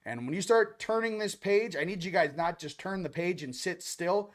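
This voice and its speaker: This man hosts a casual show on spiritual topics, ranting animatedly between loud bursts and low, intense passages while adding playful sound effects and mock voices. He's animated, speaks at normal speed, and rarely pauses.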